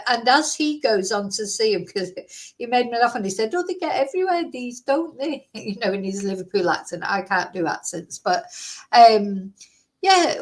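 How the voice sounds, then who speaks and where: Exasperated rambling middle-aged woman. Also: medium pitch. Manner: exasperated, rambling, frequent fillers. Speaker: commentator reacting to a video. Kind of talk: casual reaction commentary.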